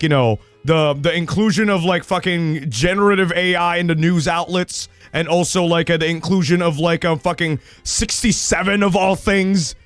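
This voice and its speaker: Excitable man in his thirties ranting. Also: high-pitched, dry recording. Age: 30s. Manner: excitable, swears often, bursts into shouted rants and laughter. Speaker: streamer. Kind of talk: casual live-stream chat.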